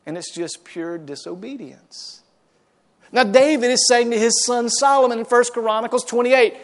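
Pastor, male, high-ish voice, lively folksy sermon delivery. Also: normal speed. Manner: animated preaching, folksy asides, acts out quoted voices.

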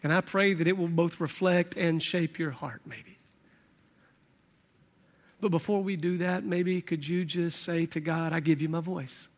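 An earnest male pastor leads a sermon and prayer, his voice sitting a little high. He leans on repeated phrases with emphatic conviction. A long reverb trails his words through a large church hall. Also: fairly even intonation, unhurried, pauses often. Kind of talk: sermon with altar call and prayer.

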